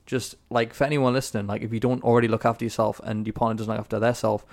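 A man's voice: medium pitch, little pitch movement, racing, gravelly, a little mellow. A man hosts a casual podcast interview. He asks loose, rambling questions full of fillers and swears casually as he talks. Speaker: podcast host.

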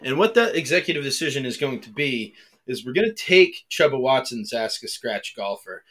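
A man's voice: medium pitch, big pitch swings, moderate pace, a bit bright. A man with an American accent co-hosting a golf podcast, chatting casually and animatedly, steering the show's segments. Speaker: podcast co-host. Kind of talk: casual chat.

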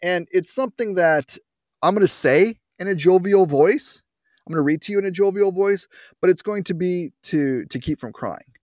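A man's voice: darkish tone, no echo, studio quality. A man hosting a political talk radio show, mocking the news with wry, sarcastic asides. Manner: sarcastic, wry asides, big pitch swings. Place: radio studio.

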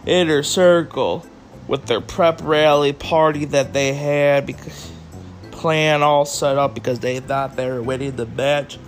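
A man's voice: fairly high pitch, steady tone, a little slow, soft background music. A man hosting a solo podcast, talking casually and rambling to his listeners, sounding tired and yawning, with some swearing. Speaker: podcast host. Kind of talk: solo wrestling review podcast.

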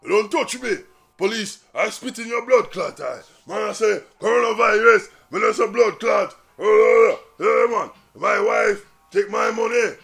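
A man voicing a ranting homeless Rasta man, shouting patois exclamations. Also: high voice, a little slow, gravelly, faint music behind, voice pushed up, heavily acted.

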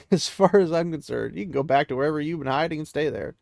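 A man's voice: a little high, fairly quick, vocal fry, a little mellow, dry recording, clean studio sound. A man voicing a confused, bitter young male hero in a casually retold fantasy story, speaking in an indignant, stubborn way. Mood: resentful.

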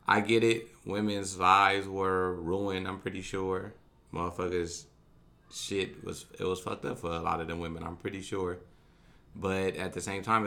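A low-voiced man, talking in a bright, forceful tone. He rambles and argues, swearing freely in casual chat between co-hosts. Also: vocal fry. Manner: profane, rambling, argumentative. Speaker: podcast co-host.

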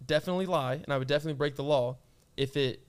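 A man co-hosting a podcast, chatting casually and telling animated stories. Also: fairly high pitch, very fast, smooth. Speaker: podcast co-host. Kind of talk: casual chat.

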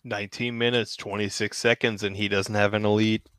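Male co-host, lowish pitch, sharp forceful tone, dry quips. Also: little pitch movement, fairly quick, clear, resonant tone, no room sound. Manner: dry wisecracking interjections. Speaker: podcast co-host. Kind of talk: casual chat.

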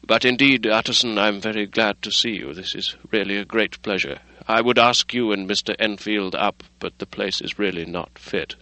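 A man's voice: normal speed, hardly any pauses, bright, forceful tone, no echo, poor audio. A man reading the part of a weary, frightened middle-aged doctor who speaks drearily and sighs. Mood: polite. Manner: dreary, sighing, low.

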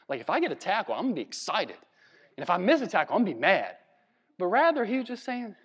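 A man from Virginia preaching a sermon in a conversational, animated way, with laughs and asides. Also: sits high, fast talker, breathy edge, in a large hall. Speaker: pastor. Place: church hall.

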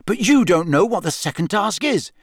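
A man's voice: sits high, big pitch swings, moderate pace, dry recording, clean studio sound, pitched above the performer's own voice, exaggerated voice. A man voicing a frantic teenage boy wizard who talks in a panicked rush. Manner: panicked, breathless.

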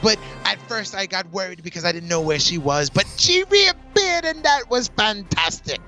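High voiced excited dude, cohost, hyping everything up, faint music underneath. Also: male voice, moderate pace. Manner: enthusiastic, hyped, playful. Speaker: co-host of a wrestling show. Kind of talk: casual chat.

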